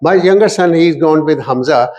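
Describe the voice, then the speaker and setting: A middle-aged man giving a lively storytelling talk, slipping phrases into his English. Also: on the high side, moderate pace. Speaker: speaker at a community talk.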